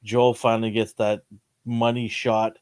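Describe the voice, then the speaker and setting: A man in casual chat, retelling scenes with lively acted-out quotes. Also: a little slow, smooth, no echo, studio quality. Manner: animated storyteller, acts out lines with jumps in pitch. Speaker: podcast co-host. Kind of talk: casual chat recapping a TV episode.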